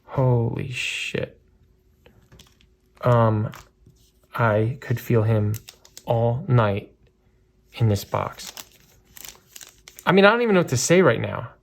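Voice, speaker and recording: A man giving casual, chatty commentary while opening a box of trading cards, with lots of fillers and bursts of excitement. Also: medium pitch, measured pace, creaky, long pauses. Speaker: card breaker.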